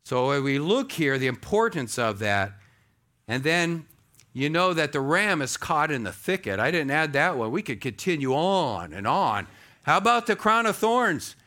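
Preaching at a moderate pace in a fairly high voice, this pastor delivers an animated sermon. He moves back and forth from loud exclamations to quiet asides.

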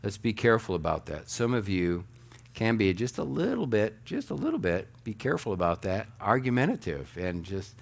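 A man preaching a sermon as pastor, animated, acting out little quoted asides as he teaches. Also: lowish voice, moderate pace, creaky.

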